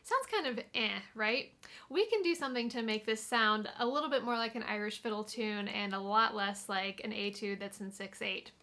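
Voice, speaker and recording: A woman's voice: mid-range voice, moderate pace, sharp tone. A young woman teaching fiddle in a video tutorial, explaining in a friendly, casual way with small fillers. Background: fiddle playing between phrases.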